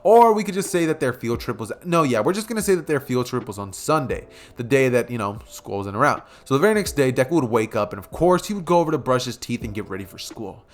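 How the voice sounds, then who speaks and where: A man's voice: medium pitch, expressive, fast talker, hardly any pauses. A man casually narrating a fan story, rambling and correcting himself as he goes.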